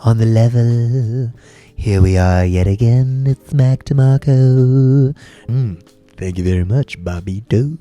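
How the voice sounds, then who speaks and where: A man doing an impression of a laid-back male indie singer, with a slow, low, lazy drawl. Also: mellow, faint music behind, close to an everyday voice. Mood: mocking.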